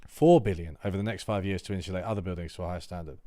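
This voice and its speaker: A low-pitched man streams himself reading a political manifesto aloud. He breaks off into casual, halting asides full of fillers. His voice sounds close and dry, with no room sound. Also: mellow, dry recording. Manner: reads text aloud, then breaks off into loose asides with fillers. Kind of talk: livestream reading aloud with commentary.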